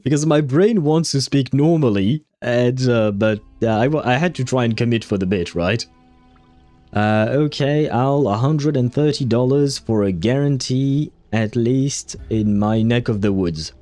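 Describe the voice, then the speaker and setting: Unhurried and mellow at medium pitch, a man laughs often while streaming a game, giving rambling, filler-heavy casual commentary and cursing when things frustrate him. Faint music plays behind, and there is no echo.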